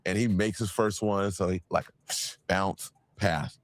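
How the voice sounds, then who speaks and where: A former basketball player telling a relaxed anecdote in an interview. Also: male voice, low voice, measured pace, no echo. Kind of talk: storytelling interview.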